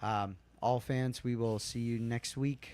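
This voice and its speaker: A man's voice: medium pitch, fairly even intonation, unhurried, a little mellow, clean tone. A man co-hosting a casual sports podcast, joking and playful as he runs the segments. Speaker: podcast co-host.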